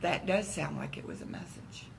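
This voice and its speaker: A woman at a church round table, telling a story in a casual, animated way and acting out the voices in it. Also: low-pitched, normal speed, creaky, noisy background. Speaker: church member.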